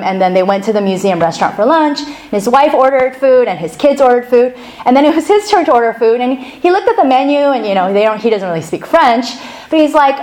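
A middle-aged woman pastor opens her sermon with a chatty, animated personal story, laughing now and then. Her voice is on the high side, and the recording is rough.

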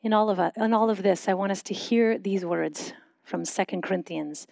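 A woman pastor giving a sermon, posing questions and leading a guided silent prayer in a measured, unhurried way. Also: mid-range voice, gravelly, no echo, studio quality. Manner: measured, slowing into soft reflective pauses.

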